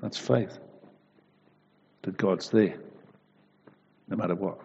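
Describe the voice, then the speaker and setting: Male preacher, lower voice, gentle storytelling and prayer; echoey, muffled hall recording. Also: fairly even intonation, slow pace, gravelly, husky. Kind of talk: devotional talk and prayer.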